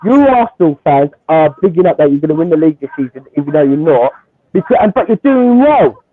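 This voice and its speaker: High-voiced man on a tinny phone line. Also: fast, dry recording. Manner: animated, repeats himself, talks over others. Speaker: guest, Chelsea fan. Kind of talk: heated football banter.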